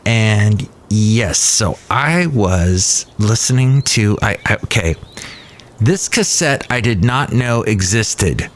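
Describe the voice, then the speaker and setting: A man's voice: lowish voice, expressive, slow pace, a little hiss or hum. A man in his fifties hosting a podcast, rambling casually and poking fun at himself. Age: 50s. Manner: rambling, self-deprecating. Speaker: podcast host. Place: cafe.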